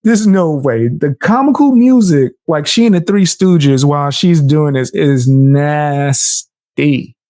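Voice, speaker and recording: A man giving casual reaction commentary on clips, animated and slangy, often breaking into laughs. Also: fairly high pitch, slow, dry recording, studio quality.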